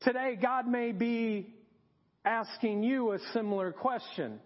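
A male pastor with a very high voice preaches slowly, repeating his points for emphasis. The dull recording rings with a long hall reverb. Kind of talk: sermon.

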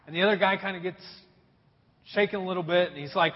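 Husky-voiced male pastor preaching. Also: high-pitched, steady tone, quick pace, long reverb tail, dull audio. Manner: conversational, joking storyteller. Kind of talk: sermon.

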